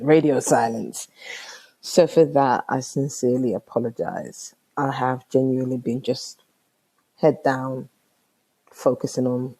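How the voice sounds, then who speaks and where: A woman's voice: sits low, dark tone. A young woman with a London accent hosting her own podcast. She tells a story in casual slang, exclaims often and acts out both sides of a conversation. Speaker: podcast host.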